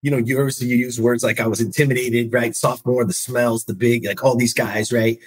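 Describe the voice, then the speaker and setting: Husky-voiced man telling a story with conviction. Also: medium pitch, flat delivery, a little fast. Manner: emphatic storyteller, keeps asking "right?". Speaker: podcast host. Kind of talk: motivational podcast conversation.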